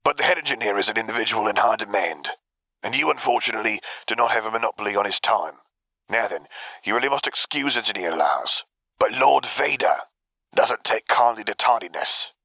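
A man reading the part of a male clone commander who is curt and coolly unapologetic, speaking slowly and clipped. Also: fairly low pitch, animated, sharp tone, dry recording, exaggerated voice.

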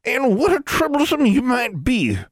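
A man voicing an ancient, wizened Ozark granny with a high, cracked drawl, cryptic and sly. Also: big pitch swings, normal speed, no echo, clean studio sound, full character voice. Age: elderly.

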